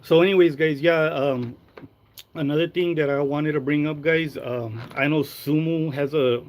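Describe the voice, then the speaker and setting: A man's voice: on the high side, steady tone, moderate pace, poor audio. A man hosting a casual gossip livestream, crude and rambling, dropping into Spanish slang. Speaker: live-stream host.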